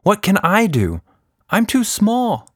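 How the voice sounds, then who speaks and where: A man's voice: high-pitched, wildly swooping pitch, takes it slowly, a bit bright, dry recording, studio quality, voice pushed up, heavily acted. A man voicing a nervous young girl who speaks hesitantly. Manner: timid, unsure.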